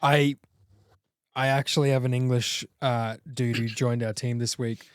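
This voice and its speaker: A young Australian man co-hosting a podcast, full of crude jokes and animated banter. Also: mid-range voice, measured pace, clear, resonant tone, dry recording, clean studio sound. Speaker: podcast co-host. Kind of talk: casual podcast chat.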